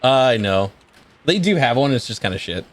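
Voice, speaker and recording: A man's voice: mid-range voice, very animated, normal speed. A man narrating as game master in a casual, swearing way with lots of "uh" fillers.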